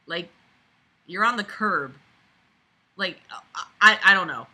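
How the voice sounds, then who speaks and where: Sharp-voiced woman mocking a book. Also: medium pitch, takes it slowly. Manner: swearing, mocking, breaks into loud rants. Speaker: YouTuber reading a book aloud. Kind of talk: sarcastic hate-read commentary.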